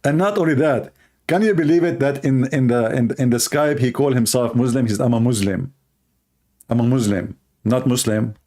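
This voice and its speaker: Stream host, male, mid-pitched, scornful, laughs at his opponents. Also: fairly quick, a little mellow. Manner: mocking, taunting, laughs often. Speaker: host of a live debate stream. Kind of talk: live-streamed call-in debate.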